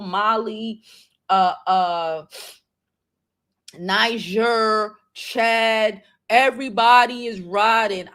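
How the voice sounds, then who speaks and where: A woman hosts a casual livestream, talking straight to her viewers. Her voice sits at an ordinary middle pitch, and she talks with emphatic feeling. She swears freely as she goes. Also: fairly bright tone. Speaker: livestream host.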